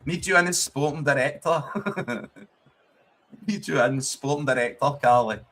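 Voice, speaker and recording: A man's voice: mid-range voice, fairly bright tone. Laughing, sweary Scottish man streaming. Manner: swears freely, laughs often, banters with chat. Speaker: streamer hosting a football watchalong. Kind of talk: casual live-stream commentary and chat.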